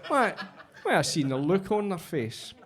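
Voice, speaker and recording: A man's voice: high voice, sing-song, measured pace. A middle-aged Scottish man doing a stand-up set, telling stories dryly and landing punchy punchlines. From Scotland. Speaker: stand-up comedian.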